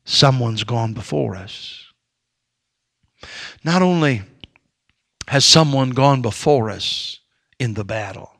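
A Baptist preacher delivering an impassioned sermon, swinging between near-shouted exhortation and hushed storytelling. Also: male voice, mid-range voice, lively intonation, slow pace, gravelly, long pauses.

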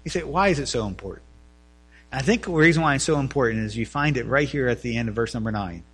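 A man preaching a sermon as pastor in a church, swinging between loud emphatic runs and quiet earnest talk. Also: medium pitch, fast, husky.

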